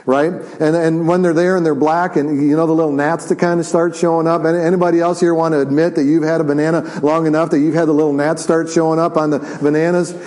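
Mellow-voiced pastor preaching. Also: male voice, on the high side, flat delivery, rough recording. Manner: conversational with repeated restarts and "right?" asides; drops to slow, quiet, drawn-out delivery for solemn points. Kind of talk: sermon.

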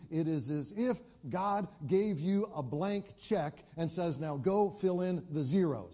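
Man preaching with a mellow voice. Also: on the high side, expressive, measured pace, few pauses, husky. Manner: conversational preaching, rising to emphatic questions. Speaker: pastor. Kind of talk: sermon.

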